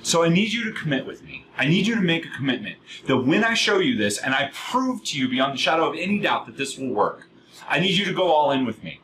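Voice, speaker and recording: Man, middle-aged, live sales workshop, worked-up, quizzing the room, fairly high voice, bright tone. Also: sing-song, slight background noise, rough recording. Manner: fast, worked-up, asks the audience questions.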